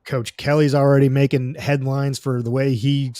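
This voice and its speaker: A man's voice: mid-range voice, little pitch movement, moderate pace, mellow, no echo, clean studio sound. A man hosting a casual sports podcast, talking in an easygoing way with lots of fillers and plugging the next episode. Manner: easygoing, many fillers, promotes upcoming show. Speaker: podcast host.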